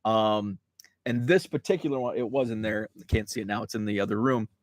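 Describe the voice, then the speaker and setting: A man's voice: fairly low pitch, fairly quick, no echo. A man hosting a casual live stream, reading chat messages and rambling through stories with plenty of fillers and restarts.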